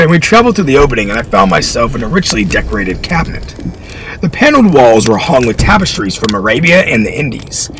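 A man reading historical fiction aloud in an expressive storytelling style. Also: medium pitch, slight background noise, low-quality recording.

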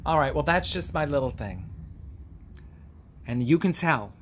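A man's voice: a little high, animated, slight background noise. Theatrical man gushing in a camp vlog. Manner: theatrical, gushing, camp storytelling with drawn-out words. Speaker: vlog host. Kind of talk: casual chat monologue.

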